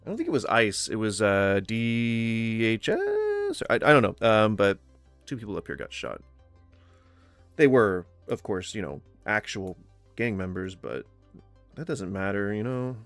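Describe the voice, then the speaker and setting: A man from Florida hosting a casual livestream, rambling with fillers and restarts, blunt and quick to swear. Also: lowish voice, expressive, no room sound. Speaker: livestream host. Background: faint music.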